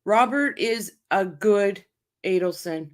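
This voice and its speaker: Angry woman ranting slowly on a livestream. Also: mid-range voice. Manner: heated, swearing, speaks in short repeated bursts. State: angry and upset. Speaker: channel host reacting to a court case. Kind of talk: livestream commentary, reading chat.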